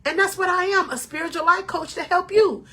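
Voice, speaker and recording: Woman, high voice, bright, spiritual life coach, motivational talk to camera, emotional and preachy. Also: fairly quick. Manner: emotional, preachy, addresses viewers as king or queen.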